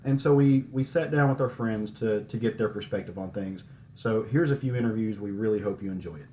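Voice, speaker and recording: A man's voice: fairly low pitch, fairly quick, very noisy. A man hosting a podcast, chatting casually and upbeat, recording live at a comic convention. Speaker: podcast host. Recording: roomy echo.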